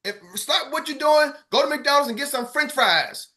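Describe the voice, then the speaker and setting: A man's voice: very high-pitched, lively intonation, normal speed, pushed and bright. A middle-aged man coaching his sales team on a morning call, fired-up and preachy, calling out to the group.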